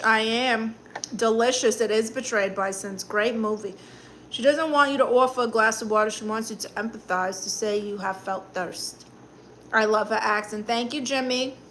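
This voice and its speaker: A woman's voice: fairly high pitch, fairly bright tone, a little hiss or hum. A woman with a Brooklyn accent hosting a casual live stream as a comedic aunt, chatting sassily and answering the chat while she eats. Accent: New York, Brooklyn.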